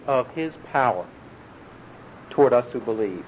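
A man's voice: a little high, animated, fairly quick. A man preaching an earnest, emphatic sermon, explaining a scripture passage verse by verse. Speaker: pastor. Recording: dull lo-fi recording with faint room noise.

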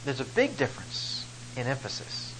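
Man, pastor, sermon delivery, mid-pitched voice, emphatic rises, faint background hum. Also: normal speed, rough recording. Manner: expressive preaching, rising for emphasis.

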